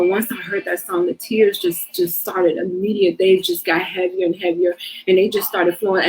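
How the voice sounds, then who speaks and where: Middle-aged woman host, casual and emotional testimony delivery, mid pitch. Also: low-quality recording. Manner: emotional, faith-filled, many fillers like "you know". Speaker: host sharing her testimony.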